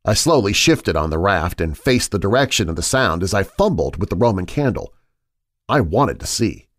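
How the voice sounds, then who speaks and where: A man hosting a horror podcast, reading a story in a measured, suspenseful way on a close mic. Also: low voice, big pitch swings, dry recording. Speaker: horror podcast host and narrator. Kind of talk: scripted horror story narration.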